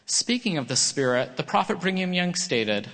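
A man's voice: fairly high pitch, sing-song, normal speed, a bit bright. A middle-aged man giving an earnest prepared sermon talk in a church chapel, reading with small slips. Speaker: church speaker. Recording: long reverb of a large hall.

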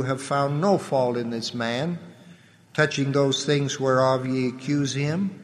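A man giving a solemn, measured scripture reading, letting his voice drop at the ends of phrases. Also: medium pitch, fairly bright tone. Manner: measured, reverent delivery with the voice dropping at phrase ends. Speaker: scripture reader. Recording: long hall reverb.

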